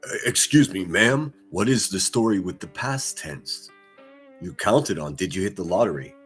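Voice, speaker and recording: A man's voice: deep voice, expressive, normal speed, a bit bright, husky, faint music behind. A man hosting a livestream, reacting to clips with mocking, profane, sarcastic commentary.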